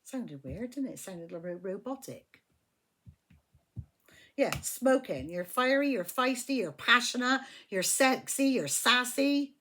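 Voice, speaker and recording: A woman giving a casual tarot reading from her flat at home, chatty and emphatic, swearing freely as she talks. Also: a little high, a little slow. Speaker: tarot reader.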